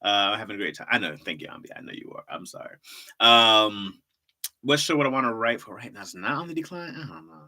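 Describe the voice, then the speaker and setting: Young male streamer, chatty and playful, bright and expressive, quick to laugh. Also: fairly low pitch. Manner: animated, laughs often, banters with chat. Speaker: livestream host. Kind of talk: casual livestream chat.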